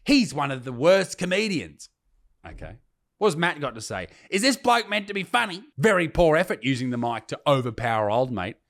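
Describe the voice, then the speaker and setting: A man's voice: fairly high pitch, very animated, a little fast. Sarcastic man swearing at critics. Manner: sarcastic, profane, mocking. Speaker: comedian. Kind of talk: reacting to comments, casual rant.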